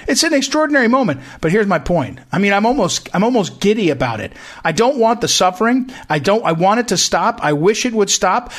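A man's voice: sits high, fairly bright tone. A man hosting a talk show, delivering an emphatic political commentary monologue that repeats points and often restarts phrases. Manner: emphatic, repetitive, frequent restarts.

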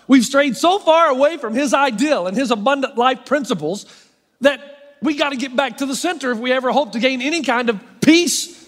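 A man pastor preaching a sermon with wry, self-mocking humor, slowing down to stress key phrases. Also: very high-pitched, fairly bright tone. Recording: long hall reverb.

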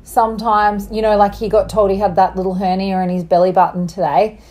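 A woman's voice: mid-range voice, level tone, fairly quick, a little mellow. A young woman co-hosting a casual chat, bubbly and rambling, laughing often, with a slight cough. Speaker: podcast co-host.

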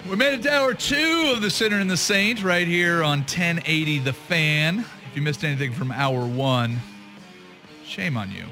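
A man's voice: fairly high pitch, animated, sharp tone, faint music behind. A man hosting a sports talk radio show, chatting loosely and teasing his co-host between sports topics. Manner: joking, loose, quick to laugh at himself. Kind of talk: casual sports radio banter. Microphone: studio microphone.

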